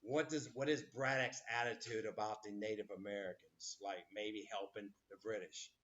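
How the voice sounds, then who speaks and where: A man's voice: lowish voice, fairly even intonation, normal speed, fairly bright tone, dull audio. A man teaching a history class, rambling with many fillers and acting out quotes as he lectures.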